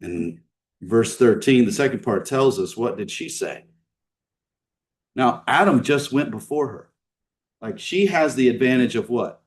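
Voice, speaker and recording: A man preaches a sermon in a church sanctuary. He talks in a plain, conversational way and keeps asking his listeners questions. He leans hard on some lines and drops to a hush on others, and his voice comes from some distance from the mic. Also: mid-range voice, expressive, measured pace, pauses often. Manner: conversational preaching with rhetorical questions, swinging between emphatic and hushed. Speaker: pastor.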